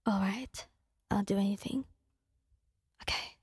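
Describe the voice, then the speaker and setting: A woman playing a sad, tearful young woman in whispered role-play, speaking in a shaky, apologetic hush. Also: medium pitch, steady tone, measured pace, slightly rough, no echo, studio quality, pitched below the performer's own voice.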